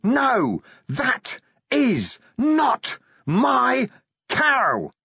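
A man's voice: fairly high pitch, big pitch swings, drawn-out words, fairly bright tone, breathy edge, no room sound, highs cut off, voice pushed up, exaggerated voice. A man playing a dazed, wailing wounded commander. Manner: dazed, childlike chanting, rising to anguished wails. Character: delirious wounded middle-aged male watch commander.

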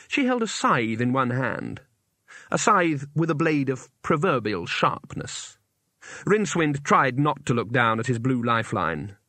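A man narrating a comic fantasy audiobook in a measured, expressive way. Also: medium pitch, no room sound. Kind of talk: scripted narration.

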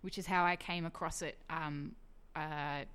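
A woman on a book chat show, talking through a book with many pauses and restarts. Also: low-pitched, fairly even intonation, fairly bright tone, clean tone. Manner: hesitant, many ums and restarts. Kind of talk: casual radio chat.

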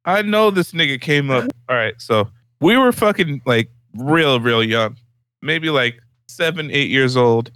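A young man ribbing his friends in casual podcast chat, blunt and profane. His tone is bright and forward. The recording is dry and close. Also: medium pitch, expressive, a little slow, no room sound.

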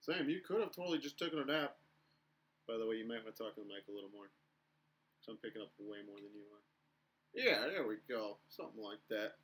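A man's voice: on the low side, lively intonation, fast, fairly bright tone, poor audio. Crude, joking young man from Minnesota. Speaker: podcast co-host. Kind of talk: casual chat.

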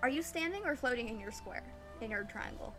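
A woman's voice: a little high, brisk, music in the background. A woman narrating as game master of a tabletop game, cheerfully wrapping up with sign-off plugs. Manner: friendly, animated outro plugs.

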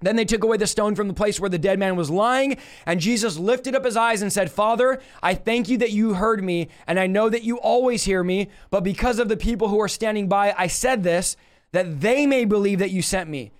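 High-voiced preacher man, emphatic. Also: fairly quick. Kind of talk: livestream Bible teaching.

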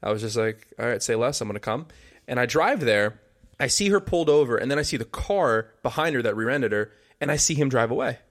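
A young man co-hosting a casual podcast, talking quickly. He tells his story with plenty of swearing and lively quoted lines. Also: medium pitch. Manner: storytelling, profane, animated retelling. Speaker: podcast co-host. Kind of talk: casual chat.

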